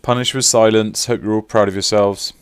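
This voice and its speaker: A man's voice: lowish voice, steady tone, a little fast, clear, resonant tone, no echo, clean studio sound. A man chatting casually with viewers on a live stream while signing autographs, teasing and reading out names.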